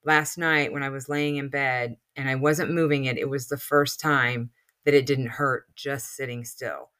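A woman in her sixties chats as a podcast co-host, her low voice bright and forceful. She rambles through many fillers and turns emotional easily, and a new retainer gives her words a slight lisp. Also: steady tone, normal speed. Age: 60s. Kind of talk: casual chat.

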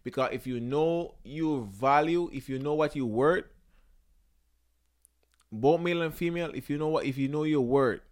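A young man hosting a podcast, talking casually about relationships in an animated, emphatic way, swearing, repeating himself and searching for words. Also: a little high, normal speed. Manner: searches for words, frequent restarts. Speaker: podcast host.

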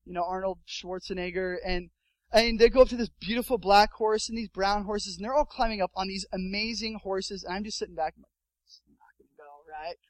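A young adult man preaching a sermon as pastor, telling a story with lively acted-out quotes. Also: sits high, fairly quick, dry recording, poor audio.

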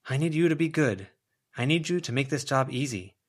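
A man voicing a tired, practical young woman in an audiobook reading, firm and quietly weary. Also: mid-range voice, animated, brisk, pitched above the performer's own voice, close to an everyday voice.

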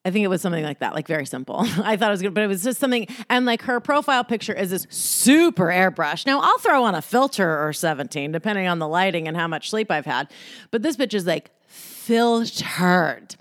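A woman's voice: lowish voice, lively intonation, a little fast, a bit bright, no room sound, clean studio sound. A woman hosting a podcast on her own, talking casually in a sassy, profane way, with frequent laughs and mocking voices. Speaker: podcast host. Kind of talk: casual solo podcast monologue.

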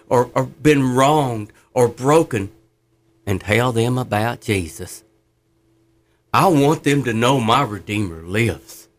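A middle-aged man sharing his faith testimony in conversation, fervent and earnest, telling stories with laughs. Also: medium pitch.

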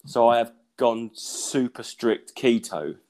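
A man's voice: medium pitch, lively intonation, slow pace, darkish tone. A young man co-hosting a podcast, telling rambling, swear-filled stories while groggy and unwell, often laughing mid-sentence. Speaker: podcast co-host. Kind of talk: casual chat.

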